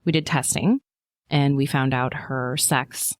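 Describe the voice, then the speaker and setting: Low-voiced woman telling a story. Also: unhurried, no echo, clean studio sound. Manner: animated storyteller, acts out quotes in a high voice, many fillers. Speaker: podcast guest. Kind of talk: casual chat.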